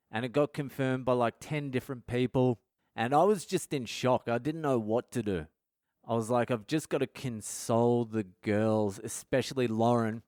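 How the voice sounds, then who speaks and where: A man's voice: medium pitch, darkish tone, clear, resonant tone, no echo, clean studio sound. A man in his thirties, a podcast host telling a raw, profane, confessional personal story. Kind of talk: candid storytelling monologue.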